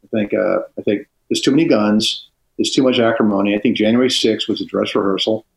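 A man's voice: on the low side, fairly quick, gravelly. Intense older man in an echoey room. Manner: intense, emphatic. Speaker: guest. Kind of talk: casual chat. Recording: roomy echo.

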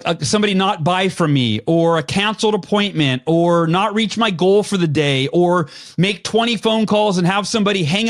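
Telling a podcast audience about his past, a man with a light, high voice speaks with energy. He plays out the things he told himself, switching between a calm telling and abrupt animated bursts.

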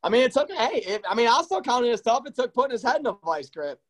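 A man's voice: extremely high pitch, big pitch swings, fast, low-quality recording. A man hosting a casual chat, eagerly chiming in and agreeing. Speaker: podcast host.

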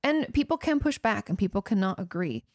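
Female therapist-host, casual advice chat, earnest and conversational, slight vocal fry. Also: medium pitch, animated, fairly quick, no room sound, studio quality. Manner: earnest, conversational, frequent "you know" asides. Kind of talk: casual advice talk answering listener questions.

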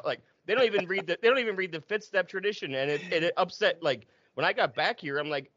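A man hosting a casual chat, animated and blunt, swearing as he talks about recovery. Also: high voice, fast talker, hardly any pauses, dry recording, muffled recording. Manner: animated, swears, laughs along.

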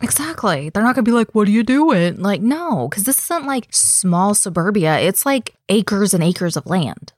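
A woman's voice: medium pitch, expressive, moderate pace, hardly any pauses, slightly rough, no echo, clean studio sound. A woman co-hosting a podcast, chatting casually and bluntly about a true-crime case, swearing often and backing up her partner. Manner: blunt, swearing, lots of agreeing mm-hmms. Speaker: podcast co-host.

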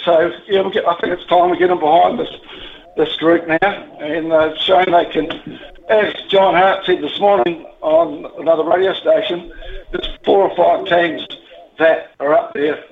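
A man with a New Zealand accent rings a radio talkback show, his voice a touch high and squeezed through a thin, tinny phone line. He talks bluntly and rambles, heart on his sleeve, with casual swearing. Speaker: radio caller. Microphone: telephone.

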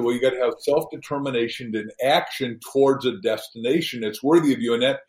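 Animated storytelling man. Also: mid-range voice, fast, echoey room, rough recording. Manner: animated storyteller, acts out quoted voices. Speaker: guest author. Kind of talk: storytelling interview talk.

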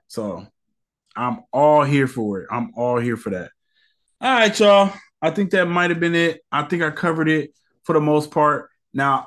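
Young male podcast host, casual movie review, slangy and animated, voice sits a bit high. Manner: animated, slangy, re-enacts scenes with quoted voices.

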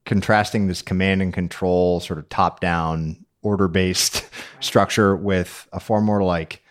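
A man's voice: low-pitched, fairly even intonation, a little slow. A man hosting a podcast, asking thoughtful, searching questions and thinking aloud as he frames them. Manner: reflective, thinks aloud while framing questions. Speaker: podcast host. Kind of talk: interview questions.

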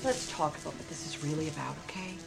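An actress playing a middle-aged therapist mother arguing with her teenage daughter, calm and clinical at first, then sharp. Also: deep voice, quick pace, vocal fry, over loud music. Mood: patronizing. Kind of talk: film drama acting.

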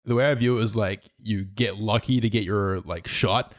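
A man's voice: fairly low pitch, steady tone, moderate pace. A man on a podcast, chatting bluntly and swearing casually. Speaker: podcast co-host.

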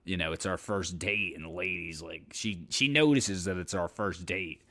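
A man's voice: sits low, normal speed, sharp tone. A man hosting a podcast, telling a story casually, rambling and swearing with lots of filler. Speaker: podcast host.

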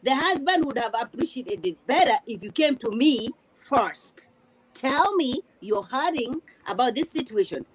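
Earnest high-voiced woman. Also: very animated, a little slow, rough recording. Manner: earnest, repeats words while searching for them. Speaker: review panelist. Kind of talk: casual panel discussion.

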